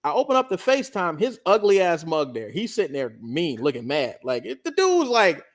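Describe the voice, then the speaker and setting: A man telling a story in casual chat, animated and profane, acting out the other people's lines. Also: fairly high pitch, a little fast.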